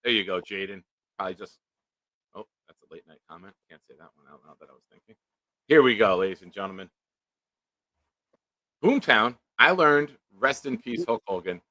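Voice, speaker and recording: A man's voice: lowish voice, animated, fairly quick, long pauses, bright, forceful tone, no echo. A man hosting a casual live-stream chat, joking around and reading viewer comments aloud. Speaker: show host.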